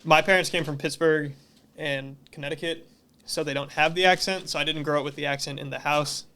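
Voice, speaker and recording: A man's voice: a little high, fairly even intonation, brisk, pushed and bright, clean tone. A man from the Boston area, a musician guest on a podcast, talking casually in a rambling way with many fillers. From Massachusetts, near Boston.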